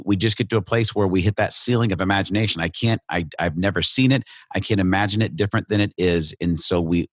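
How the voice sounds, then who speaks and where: An American man hosting a podcast, talking in a joking, animated way with frequent restarts. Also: deep voice, no room sound, studio quality. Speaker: podcast host. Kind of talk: casual podcast chat and monologue.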